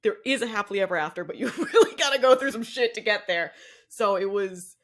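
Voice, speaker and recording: A woman's voice: medium pitch, lively intonation, a little fast. A young woman co-hosting a podcast in casual chat, rambling and cutting herself off, laughing often. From Boston area, US. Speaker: podcast co-host.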